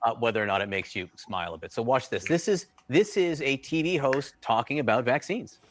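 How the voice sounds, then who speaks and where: A man's voice: mid-range voice, lively intonation, a little fast. A man co-hosting a casual podcast, teasingly setting up a video clip. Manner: teasing, introduces clips. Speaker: co-host. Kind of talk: casual chat.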